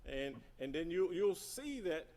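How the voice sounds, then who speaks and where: A middle-aged speaker at a seminary symposium delivers a forceful teaching talk on church projects, repeating essentials and questioning the audience. He has a fairly high, slightly mellow voice with big pitch swings and an unhurried pace.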